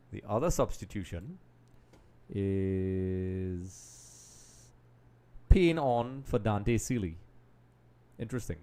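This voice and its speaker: A man hosting a live football watch-along, chatting straight to viewers and often dropping into quiet mutters while he multitasks. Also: lowish voice. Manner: distracted, multitasking while commenting; trails off into quiet mutters and restarts. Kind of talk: casual live match commentary.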